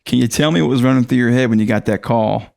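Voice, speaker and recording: A man's voice: medium pitch, fast talker, vocal fry, a little mellow. A man hosting a podcast interview, asking questions and affirming the guest. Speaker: podcast host. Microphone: podcast studio mic.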